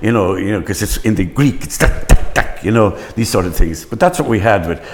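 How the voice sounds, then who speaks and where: A man's voice: lowish voice, expressive, brisk, background noise. An older man, a stage actor, reminiscing in an interview with rambling, stop-start storytelling.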